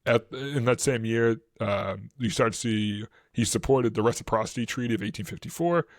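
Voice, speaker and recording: Speaking at a moderate pace in a medium pitch, a man with a Boston accent co-hosts a history podcast and explains events casually. He rambles with many fillers and restarts but turns animated when quoting. The studio-quality recording has no room sound.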